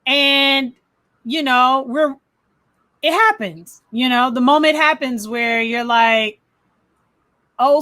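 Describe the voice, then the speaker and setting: Brief: a high, bright-voiced woman co-host, emphatic and casual, dry close sound. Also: no room sound. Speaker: podcast co-host. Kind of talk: casual movie review chat.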